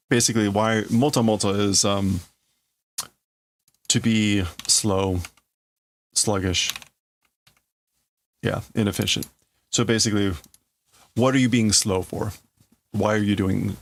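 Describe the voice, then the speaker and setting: A livestream host with a gravelly, lowish male voice reads a comic aloud and translates it on the fly. He thinks out loud as he goes, often hesitating and starting over.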